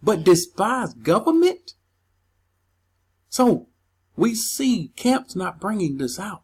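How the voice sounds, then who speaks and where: Emphatic, husky-voiced scripture teacher. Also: mid-range voice, sing-song, takes it slowly, pauses often, darkish tone. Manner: emphatic, reads verses aloud then argues over them; agitated, stumbles over words. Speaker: Bible teacher. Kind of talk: verse-by-verse scripture commentary.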